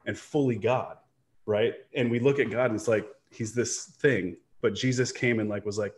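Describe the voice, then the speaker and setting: A man's voice: on the low side, fairly even intonation, moderate pace. A man who runs an online business and coaches, talking earnestly and reflectively on a video call, rambling with restarts and checking in with "right?". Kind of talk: candid personal storytelling in a video-call interview.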